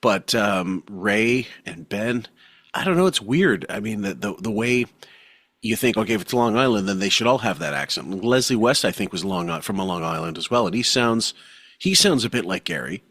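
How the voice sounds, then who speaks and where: Husky-voiced man, blunt podcast co-host. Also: lowish voice, animated, normal speed, fairly bright tone, dry recording. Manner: blunt, profane, trails off into mumbles. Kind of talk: casual chat.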